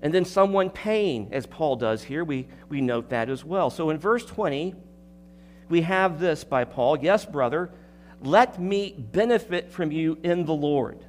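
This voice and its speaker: High-voiced pastor preaching with emphatic questions. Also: male voice, lively intonation, unhurried, a little mellow, slight background noise. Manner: emphatic, with repeated words and rhetorical questions. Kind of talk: expository sermon.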